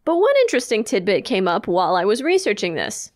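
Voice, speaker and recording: A woman's voice: medium pitch, sing-song, fast. A woman co-hosting a podcast, chatting casually and explaining facts she has researched. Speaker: podcast co-host. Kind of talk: casual chat.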